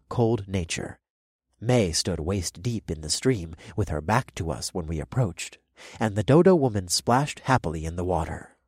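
A man narrating a first-person fantasy audiobook with lively, expressive storytelling. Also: low-pitched, slightly rough, no echo, studio quality.

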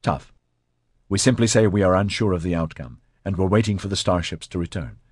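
A man voicing a blunt, sharp-tongued woman official with brisk, curt speech. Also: sits low, slightly rough, no echo, studio quality.

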